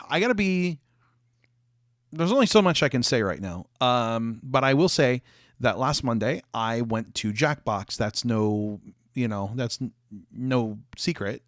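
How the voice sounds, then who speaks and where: A man's voice: medium pitch, no echo, clean studio sound. A young adult man chatting casually with viewers on a livestream from his office, rambling with lots of fillers and restarts, coughing and hiccuping.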